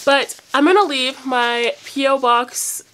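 High-voiced young woman, rambling and teary. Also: slow, fairly bright tone, slight background noise. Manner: rambling, emotional, near tears, many "like" fillers. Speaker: vlogger opening fan mail. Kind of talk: casual unedited phone vlog. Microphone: phone.

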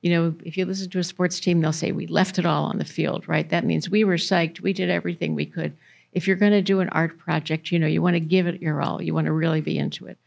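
A woman's voice: on the low side, level tone, fast, vocal fry, darkish tone. A woman giving a conversational presentation to parents in a library meeting room, putting questions to the audience.

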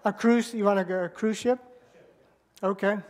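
A man preaching a sermon as pastor, bantering with the congregation and telling a story with halting restarts. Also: high-pitched, steady tone, darkish tone. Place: church sanctuary.

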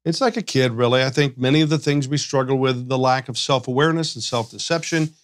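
Animated man acting out quotes. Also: medium pitch, fast, a little hiss or hum. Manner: animated, acts out quoted voices. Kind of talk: podcast discussion.

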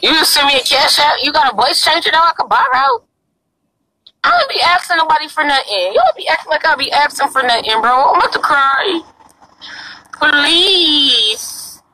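A young woman livestreams from an open parking lot, her phone held out at arm's length. Her voice sits on the high side with a bright, forceful edge, and she swings it widely as she begs and curses at her viewers. A faint hiss of the outdoors runs underneath. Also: sing-song, moderate pace, low-quality recording. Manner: brash, crude and pleading. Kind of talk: casual live-stream chat.

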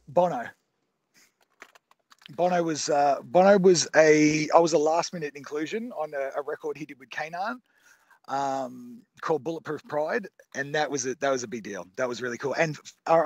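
A man's voice: on the high side, dry recording. Chatty male studio engineer, dry sound. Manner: rambling with many restarts and fillers. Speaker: recording engineer. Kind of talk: casual interview talk.

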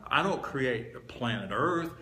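A man's voice: medium pitch, lively intonation, unhurried, bright, forceful tone. A man preaching a teaching sermon to a live audience, conversational and emphatic, leaning hard on repeated key words. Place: meeting hall with a live audience. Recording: roomy hall echo, faint background hiss.

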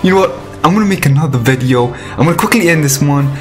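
A man giving live commentary on a mobile game, excitable and chatty with his viewers, breaking into squealing outbursts. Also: fairly high pitch, fast talker, soft background music. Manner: pleading and chatty toward viewers.

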